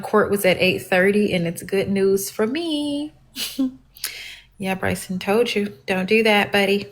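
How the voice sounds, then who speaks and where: A woman talks straight to her live-stream viewers in a casual, salty way. Her voice sits at a middling pitch, and she is blunt and openly aggravated. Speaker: livestream host.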